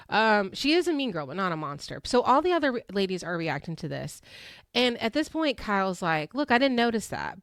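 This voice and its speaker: A woman's voice: mid-range voice, no room sound, clean studio sound. A young woman hosting a casual recap, telling the story with frequent laughter and acting out the quotes. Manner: animated, laughs often, acts out quotes. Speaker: podcast host recapping a reality show.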